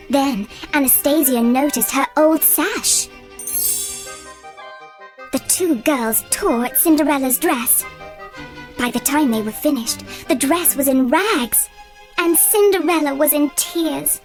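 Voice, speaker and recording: A woman reading a children's fairy tale aloud in a slow, gentle and expressive way. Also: high voice. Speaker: storyteller. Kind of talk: children's read-aloud narration. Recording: soft music bed under voice.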